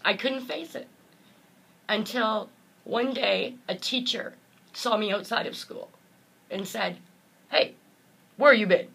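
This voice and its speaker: Husky-voiced woman telling a personal story. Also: mid-range voice, takes it slowly, long pauses, a bit bright. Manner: earnest, heartfelt, acts out voices in her story. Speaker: motivational speaker, guest.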